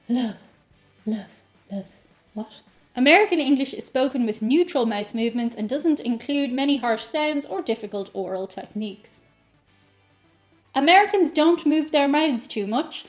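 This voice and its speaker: A woman with an Irish accent chatting playfully to camera as a vlogger, reading aloud and joking about herself. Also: high voice. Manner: playful, self-mocking, reads aloud and riffs. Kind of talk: casual comedic chat to camera.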